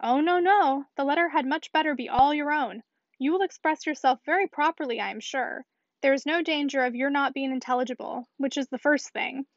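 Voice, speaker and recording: A woman voicing a clever, decided young lady in a measured, precise reading. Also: high-pitched, no echo. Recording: dull, dry lo-fi recording.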